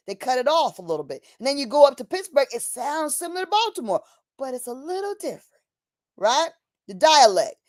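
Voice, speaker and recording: Her voice is high and a little mellow, with no room sound on the dry, close streaming mic. This livestream host gives a preachy, impassioned monologue, calling her listener "honey" and dramatizing the voices she quotes.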